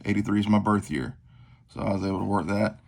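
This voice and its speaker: A man in his forties with a drawl and a low, gravelly voice. He rambles through a tabletop show-and-tell, leaning on fillers and poking fun at himself. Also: quick pace, darkish tone. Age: 40s. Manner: rambling, self-deprecating, filler-heavy. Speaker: knife collector vlogger. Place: tabletop at home.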